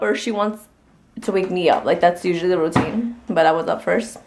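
A woman's voice: lowish voice, fairly quick, background noise. A young pregnant woman chatting casually in a vlog, dropping Spanish words into her English talk. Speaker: vlogger.

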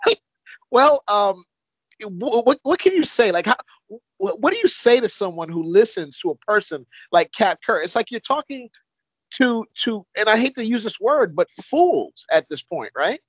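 A man's voice: sits high, very animated, moderate pace, husky, no room sound. A male co-host giving casual, incredulous commentary with some chuckling. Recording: dull, dry lo-fi audio.

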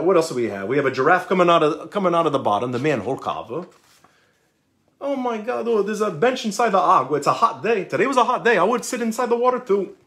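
A man reads a kids' picture book aloud on a live stream. His voice sits fairly high and swings widely as he plays with the text. He breaks off for jokey asides full of words. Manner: playful, jokey asides, slips into Portuguese words. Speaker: storytime host reading a picture book.

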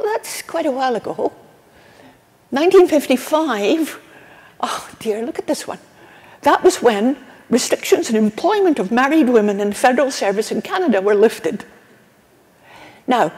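Older Scottish woman, keynote speaker, fairly high voice, earnest, long hall reverb. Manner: warm, earnest, with restarts and asides. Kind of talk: conference keynote lecture. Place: conference hall.

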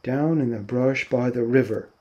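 A man's voice: mid-range voice, steady tone, moderate pace, mellow, lo-fi sound, natural voice. A man doing a timid, childlike farmhand. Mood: plaintive. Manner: timid, plaintive.

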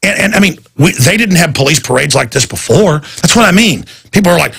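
A man's voice: fairly high pitch, lively intonation, fairly quick, vocal fry, a bit bright, slightly rough. A man hosting a talk radio show, delivering a heated, rambling and indignant monologue.

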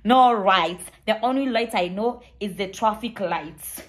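A woman's voice: mid-range voice, measured pace. A young woman from Kenya with a Kenyan accent, telling a travel story to camera in a playful, joking, dramatic way. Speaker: travel vlogger.

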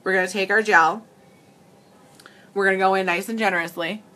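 Chatty woman doing a live makeup demo, bright voice, keeps cracking up. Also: medium pitch, fairly even intonation, fairly quick. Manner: giggly, talks straight to viewers, easily amused. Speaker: makeup demonstrator and livestream host.

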